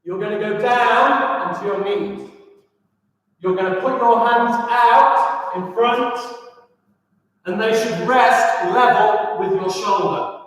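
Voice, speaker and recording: High-voiced man coaching in an echoey hall. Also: slow, distant mic. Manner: encouraging, steady instructions and counting. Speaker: teacher leading exercises. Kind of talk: live-streamed exercise class.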